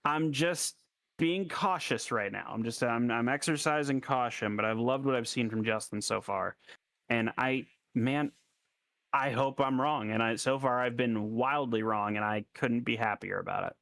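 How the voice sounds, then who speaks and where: A man co-hosting a casual sports podcast, relaxed and wry, laughing along with his partner. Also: mid-range voice, normal speed, gravelly, dry recording. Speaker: podcast co-host.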